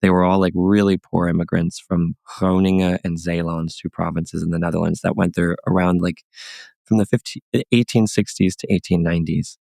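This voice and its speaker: A man's voice: deep voice, a little fast, vocal fry, dry recording, clean studio sound. A man from Chicago, a comedian guest, telling a story casually and animatedly with lots of "like". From Chicago, United States. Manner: animated, filler-heavy with many "like"s.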